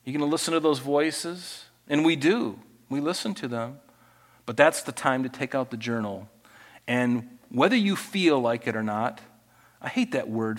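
A pastor preaching with lively energy, his voice sitting a bit higher than most men's. He moves between reading scripture aloud and acting out the voices of the people he talks about. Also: unhurried. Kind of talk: sermon.

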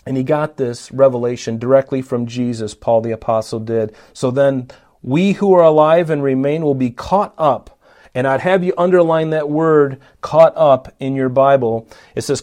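A man's voice: medium pitch, a little mellow. A man preaching a Bible-teaching sermon, emphatic, often saying "notice" and asking his listeners questions.

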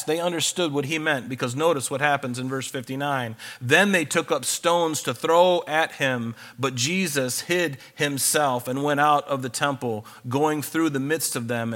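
A man's voice: mid-range voice, unhurried, hardly any pauses, a bit bright. A man preaching a sermon, reading scripture aloud and then explaining it in a conversational way.

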